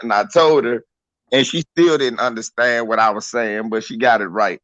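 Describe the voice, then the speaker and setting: A man co-hosting a radio talk show, telling a story in casual, profane, animated banter. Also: mid-range voice, normal speed, no echo, dull audio.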